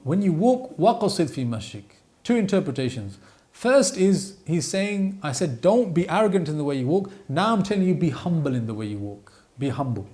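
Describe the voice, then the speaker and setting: A man giving a religious lesson with a fairly high voice. He explains verses in an animated way, switching into playful voices and reciting Arabic passages. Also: normal speed. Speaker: Quran teacher. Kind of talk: lecture on Quranic advice.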